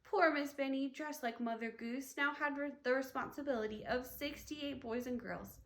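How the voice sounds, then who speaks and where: Expressive woman reading a storybook aloud. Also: high-pitched, normal speed. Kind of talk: children's book read-aloud. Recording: echoey room.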